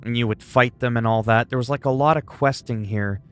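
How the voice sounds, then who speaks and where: A man from Canada talks through a livestream in a loose, chatty way. He rambles from one thought to the next and greets viewers by name. His voice sits at a middle pitch, with faint game music playing behind him. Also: fairly quick, fairly bright tone. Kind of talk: casual gameplay chat.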